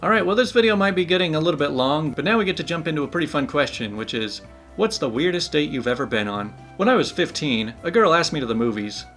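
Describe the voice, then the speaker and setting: This man narrates Reddit stories in a casual storytelling style, slipping in wry, joking asides. His voice sits a little high with a fairly bright tone, and he talks fast and animatedly. Faint music plays in the background.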